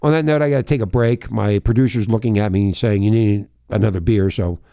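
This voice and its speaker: A man's voice: lowish voice, quick pace, vocal fry, mellow, clean tone, dry recording. A man hosting talk radio who rants in a profane, emphatic and confrontational way. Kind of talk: ranting talk radio monologue.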